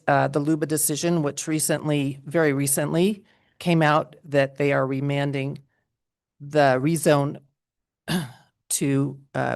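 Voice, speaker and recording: A woman giving a measured, formal public comment at a meeting, speaking precisely. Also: sits low, gravelly, a little mellow.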